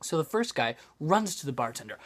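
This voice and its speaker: A young man telling jokes into his phone in a slow, deadpan way, with self-deprecating asides. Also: a little high. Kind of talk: casual joke-telling to a phone camera.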